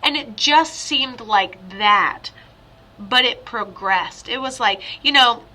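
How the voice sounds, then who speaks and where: Bright, high-voiced woman medium. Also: slow pace. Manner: chatty and rambling, with sudden excited outbursts. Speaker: psychic medium. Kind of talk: spirit reading for a client. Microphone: video call.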